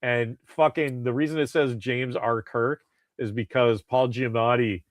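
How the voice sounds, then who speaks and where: A man's voice: mid-range voice, fairly even intonation, measured pace, no echo. A man co-hosting a podcast, chatting casually and rambling with restarts and swearing. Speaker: podcast co-host. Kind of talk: casual chat.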